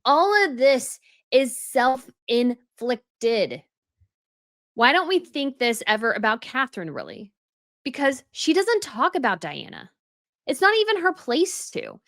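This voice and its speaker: A woman's voice: high voice, sing-song, unhurried, a bit bright, no echo, clean studio sound. A woman delivering an opinionated commentary monologue as a news commentator, scornful and emphatic, with mocking asides.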